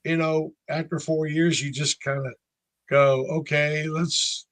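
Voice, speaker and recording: A man's voice: fairly high pitch, flat delivery, unhurried, fairly bright tone, no echo. A man in his sixties from North Carolina, a band frontman telling stories in a casual interview and acting out other people's lines. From North Carolina, USA. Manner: chatty storyteller, acts out other people's lines.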